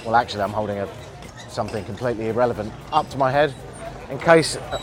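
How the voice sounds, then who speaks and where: A man's voice: medium pitch, background noise. A man hosting a travel podcast while walking through an outdoor street market, chatting with wry, rambling asides. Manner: rambling, wry asides and quick self-corrections.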